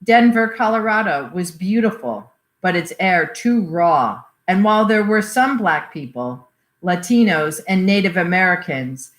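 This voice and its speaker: A woman reading a memoir aloud in a measured storytelling way. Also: fairly low pitch, expressive. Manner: measured storytelling with voiced quotes. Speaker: reader. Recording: roomy echoey recording.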